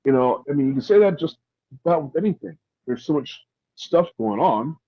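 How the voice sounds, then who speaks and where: A man hosting a podcast, chatting casually in a rambling, halting way with many restarts. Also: a little high, expressive, dry recording, dull audio. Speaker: podcast host. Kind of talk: casual opinionated chat.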